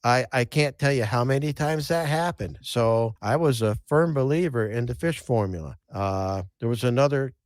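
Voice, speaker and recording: A man's voice: medium pitch, normal speed, few pauses, no room sound, clean studio sound. A man hosting a podcast, telling casual fishing stories in a folksy way, often restarting and repeating words. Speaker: podcast host and angler. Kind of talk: casual storytelling chat.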